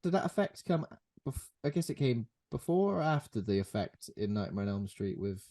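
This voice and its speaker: Man, co-host, relaxed, mid-pitched film chat. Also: moderate pace, a crowd in the background. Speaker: podcast co-host. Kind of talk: casual film recap chat.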